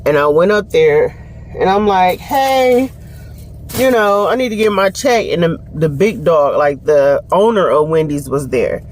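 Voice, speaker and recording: A young woman talks into her phone camera in a loose, storytelling vlog. Her pitch swings widely as she laughs and acts out other people's lines, swearing freely. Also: animated, normal speed, darkish tone, a little hiss or hum. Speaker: vlogger. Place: home and car.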